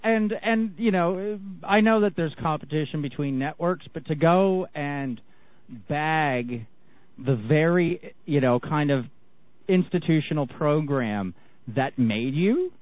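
A man's voice: a little high, lively intonation, takes it slowly, dry recording. A man co-hosting in casual chat who laughs easily and stammers and restarts when he gets worked up. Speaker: co-host. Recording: phone-like line.

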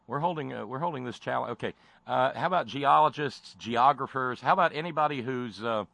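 A male host rants with biting sarcasm and rising passion, often stumbling and repeating words. His voice sits at a middle pitch, and the recording is close and dry. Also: brisk, vocal fry, pushed and bright, no echo. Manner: sarcastic, stammering restarts. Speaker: talk show host. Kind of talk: impassioned commentary.

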